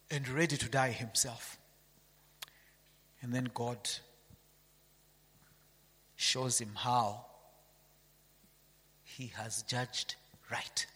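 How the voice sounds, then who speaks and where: A man's voice: mid-range voice, pushed and bright, breathy edge, in a large hall. A man preaching a sermon, reading scripture aloud and asking his listeners rhetorical questions.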